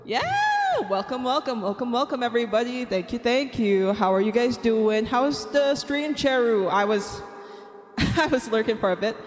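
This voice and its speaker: A young art streamer with a slightly high voice talks at normal speed, chatting happily with her viewers. Counting aloud as she draws, she giggles frequently; the audio has long reverb and soft background music.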